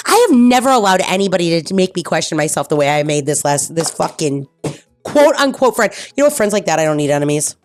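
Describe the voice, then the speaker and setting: A woman's voice: mid-range voice, expressive, quick pace, no echo, soft background music. A woman streamer talking candidly and bluntly in casual chat, swearing freely and repeating herself for emphasis. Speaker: streamer host. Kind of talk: casual personal talk.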